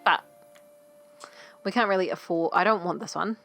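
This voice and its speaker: A woman's voice: fairly low pitch, normal speed, creaky, a bit bright, faint music behind. A woman co-hosting a game let's play, reading tutorial text and adding dry quips. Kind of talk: casual gameplay chat.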